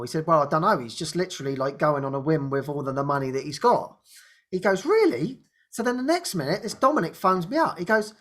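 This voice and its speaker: Animated man telling a story with frequent laughs. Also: sits high, fast. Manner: animated, laughs often, acts out quoted dialogue. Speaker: host of a spiritual talk show. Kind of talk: casual personal storytelling.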